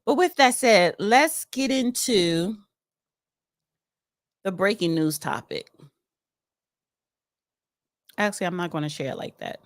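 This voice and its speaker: A woman's voice: mid-range voice, animated, takes it slowly, long pauses, no room sound, clean studio sound. A woman hosting a casual solo commentary. She chats and reads news articles aloud, adding opinionated asides. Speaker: political commentary host.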